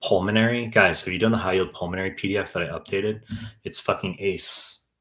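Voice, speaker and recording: A young man answers viewers' questions on a live stream, tutoring for medical exams in a blunt, profane, rambling way. His voice sits very low and stays flat, with a bright, sharp edge. He talks like a casual teacher who goes off on tangents. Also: brisk. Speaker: exam tutor.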